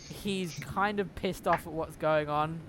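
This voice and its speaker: A man's voice: on the high side, fairly even intonation, a little slow, a bit bright, slight background noise. A man narrating as game master in a tabletop game, casual and swearing freely.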